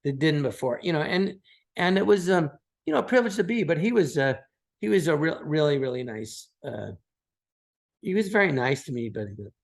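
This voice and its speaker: Animated man in his sixties telling stories. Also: a little high, brisk, creaky. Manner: animated, acts out quoted voices. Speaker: guest. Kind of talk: casual anecdote telling.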